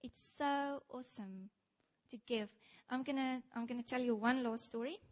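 Brief: young South African woman preacher, fairly high voice, lively storytelling sermon delivered to a congregation. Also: moderate pace. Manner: animated storytelling, addresses the congregation directly. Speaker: church speaker.

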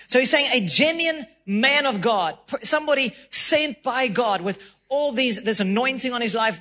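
South African pastor, male, high bright voice, emphatic sermon delivery with playful acted voices. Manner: emphatic preacher, acts out voices and laughs.

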